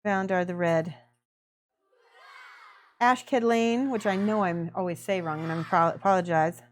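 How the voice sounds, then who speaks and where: A woman's voice: lowish voice, normal speed, a little hiss or hum. A woman hosting a miniature painting livestream, chatting effusively and thanking viewers by name while she works.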